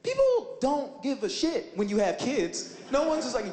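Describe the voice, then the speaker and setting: A man doing a stand-up comedy set, animated and swooping into high exclamations, on a stage before a live audience. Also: normal speed. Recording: echoey live room, loud audience ambience.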